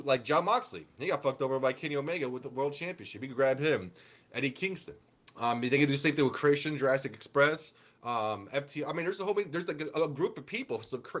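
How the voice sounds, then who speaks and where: A young man chatting casually about wrestling, rambling and swearing, with many restarts and fillers. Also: fairly high pitch. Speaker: podcast co-host. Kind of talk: casual wrestling recap chat.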